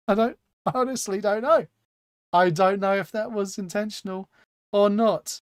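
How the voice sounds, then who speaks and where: A man's voice: high voice, unhurried, no room sound, studio quality. A man hosting a live stream, chatting casually and reading out chat with self-mocking humor. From England.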